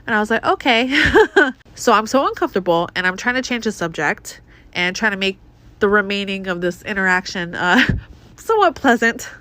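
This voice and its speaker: A woman's voice: mid-range voice, lively intonation, moderate pace, sharp tone. A woman telling a bad date story to the camera, frank and swearing, laughing as she goes.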